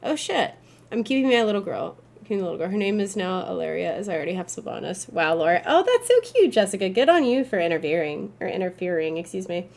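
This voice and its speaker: A young woman streaming a game, chatting casually to her viewers and swearing, with loud flare-ups whenever the game frustrates her. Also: lowish voice, quick pace, vocal fry. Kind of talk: live gameplay commentary.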